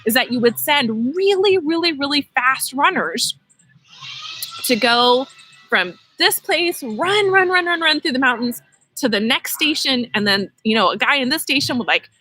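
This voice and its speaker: Standing by her vegetable garden, a female host runs a relaxed live-stream class to teach kids gardening, joking around and addressing her audience head-on with lots of animation. Her voice sits high and moves at a moderate pace, though the recording is rough.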